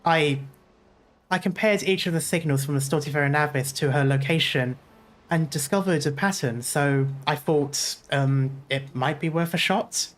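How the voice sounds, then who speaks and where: A man's voice: on the high side, normal speed, soft background music, natural voice. A man voicing a timid young sailor. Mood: unsure. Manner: hesitant, stumbling, polite.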